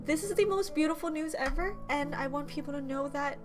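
Young woman vlogging, high voice, teary and shaky, keeps rambling and restarting. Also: fairly quick, music in the background. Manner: emotional, tearful, rambling with restarts. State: teary, voice breaking. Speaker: YouTuber. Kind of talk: emotional vlog talk to camera.

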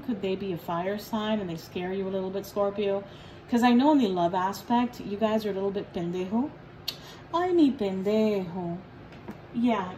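A woman's voice: mid-range voice, a little mellow, slight background noise, low-quality recording. A woman giving a casual tarot reading, blunt and profane, joking and teasing as she talks. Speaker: tarot reader.

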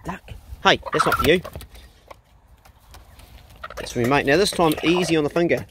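Relaxed New Zealand farmer talking to his dogs. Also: on the high side, normal speed, noisy background. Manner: talks fondly and coaxingly to his dogs, relaxed and chatty. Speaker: farmer and pig hunter. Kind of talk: casual vlog talk while tending dogs. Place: outdoors on a rural farm by the dog kennels.

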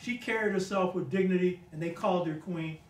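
Older man, high-pitched, emphatic storyteller, casual talk, roomy echo, set back from the mic. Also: fairly quick, distant mic. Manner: emphatic, keeps asking "you know what I mean?". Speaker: guest speaker on a talk show.

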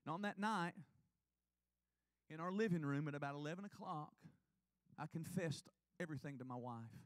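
A slightly high-voiced man speaking at normal speed gives a sermon testimony in a church sanctuary. He recounts his own story earnestly and confessionally, with no echo.

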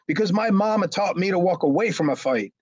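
A man's voice: animated, a little fast, darkish tone, no room sound. A man doing a whiny, pleading young guy. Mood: defiant. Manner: high-pitched pleading whine.

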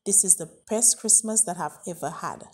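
A woman's voice: lowish voice, normal speed, darkish tone, natural voice. Woman reading as a humble homeless man. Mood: moved. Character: grateful homeless middle-aged man.

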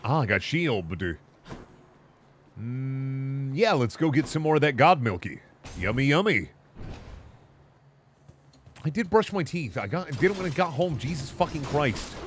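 A man's voice: on the high side, very animated, normal speed, pauses often, slight background noise. A man streaming a video game, ranting and swearing in a casual, mock-outraged way. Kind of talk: casual gaming stream commentary.

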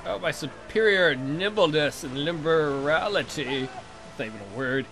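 A young man commentating his own game play casually, excitable and jokey, swearing often and talking back at the game. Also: a little high, normal speed, faint music behind. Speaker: let's play host.

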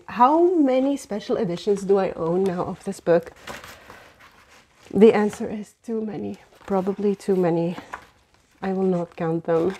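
Slow-talking gushing woman unboxing books. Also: medium pitch, dark tone, a little hiss or hum. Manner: gushing, exclamatory, frequent gasps. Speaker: book vlogger. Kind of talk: unboxing vlog chat.

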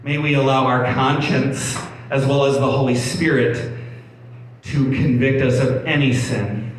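A man's voice: mid-range voice, steady tone, measured pace. Man preaching in an echoey hall. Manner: conversational preaching with frequent restarts and repeated words. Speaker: pastor. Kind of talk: sermon reading and explaining scripture. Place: church hall. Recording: echoey room, mic at a distance, faint background hum.

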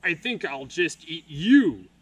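A man voicing a hungry male bridge troll in a storybook reading, with a low menacing growl. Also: very animated, slow, breathy edge, heavily acted.

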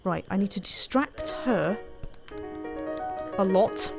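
A woman's voice: mid-range voice, lively intonation, slow pace, creaky, over music. A woman commenting casually as she plays a video game, chatty and often laughing, teasing the characters on screen. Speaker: gaming streamer. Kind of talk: casual let's-play commentary.

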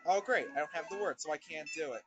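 A man commentating over his own gameplay, ranting in constant profane exasperation at a slow game. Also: on the high side, rough recording. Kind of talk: let's play commentary. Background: video game music.

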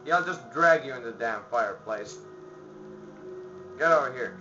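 A man commentating a game he plays, panicking and yelling at enemies, then muttering to himself. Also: mid-range voice, expressive, normal speed, slight background noise. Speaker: let's play gamer. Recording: dull lo-fi with faint music.

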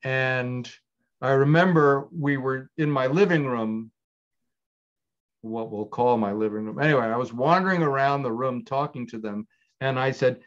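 A man's voice: mid-range voice, moderate pace. Older man, writer-director guest, rambling thoughtful answers, dull lo-fi sound. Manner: thoughtful, digressive, with many restarts. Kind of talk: conversational interview answers.

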